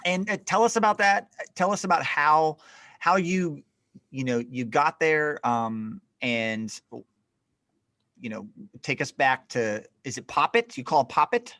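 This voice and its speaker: Host: man with a slightly higher voice, casual and halting, dry close recording. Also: sharp tone, dry recording. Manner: halting, with many fillers and restarts. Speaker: podcast host. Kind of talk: casual podcast chat.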